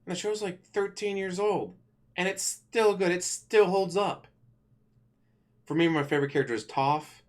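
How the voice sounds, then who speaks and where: A man ranting casually to camera as a channel host, rambling and correcting himself, blunt and quick to swear. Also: high-pitched.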